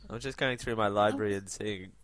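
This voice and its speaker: A young man co-hosting a casual chat, chiming in with jokes and quick agreement. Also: on the low side, fairly even intonation, a bit bright, no echo. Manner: joking, agreeable interjections. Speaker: podcast co-host.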